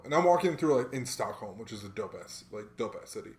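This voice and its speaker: A man's voice: mid-range voice, fast, echoey room. A young man co-hosting a podcast, telling stories in casual slangy talk and acting out what people said. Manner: animated storyteller, slangy, acts out quotes. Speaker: podcast co-host. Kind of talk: casual chat, storytelling.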